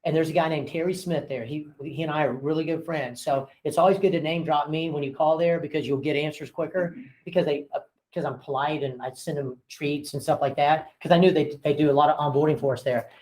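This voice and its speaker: Chatty broker telling war stories. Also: male voice, fairly high pitch, fairly even intonation, brisk, few pauses, darkish tone, low-quality recording. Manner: storytelling, acting out phone calls with voices; frank, chatty, with many fillers. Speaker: real estate broker and owner leading agent training. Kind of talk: casual training talk to a room of agents.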